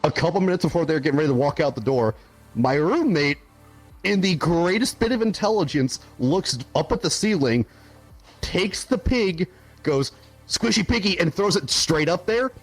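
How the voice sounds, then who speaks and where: A young man co-hosting a podcast, telling a story in a casual, animated way, laughing often and swearing freely. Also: a little high, moderate pace, faint music behind. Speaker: podcast co-host.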